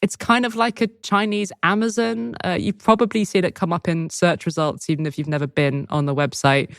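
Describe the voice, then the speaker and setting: A woman co-hosting a news podcast, talking in a lively, expressive way and laughing often. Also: fairly low pitch, a little fast, no room sound, studio quality. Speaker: podcast co-host. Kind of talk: casual news chat.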